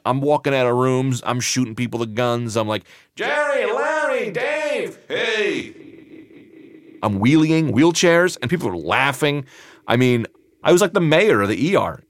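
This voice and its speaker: A man telling a personal story aloud, animated and acting out the people in it. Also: medium pitch.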